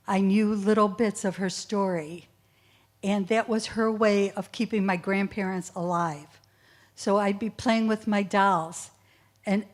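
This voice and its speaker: A middle-aged woman speaks earnestly to a school audience, answering questions about her mother's past. Her voice is sometimes close to tears. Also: medium pitch. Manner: emotional, tearful at times, earnest. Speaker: guest speaker, child of a Holocaust survivor. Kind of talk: school assembly Q&A.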